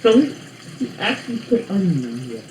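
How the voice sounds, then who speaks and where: A woman vlogger talking at home in a loose, joking ramble, teasing family and friends as she goes. Her voice sits at an ordinary middle pitch and rings off the walls of an echoey room, with a faint hiss of running water behind her. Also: sing-song, a little fast, darkish tone. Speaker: vlog host. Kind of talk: casual chat to viewers.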